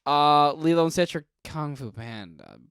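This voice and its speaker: A man's voice: on the high side, a little slow, fairly bright tone, clean tone, no room sound. A young man co-hosting a podcast, bantering casually, swearing freely and laughing often. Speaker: podcast co-host.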